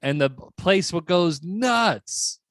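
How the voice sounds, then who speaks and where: A man telling a nervous story on a podcast, pitched a little high, his voice jumping to sudden squeaky yelps when he acts out the people in it. The room is dry and close. He talks fast and keeps restarting. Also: animated, no room sound. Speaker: podcast co-host. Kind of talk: casual chat.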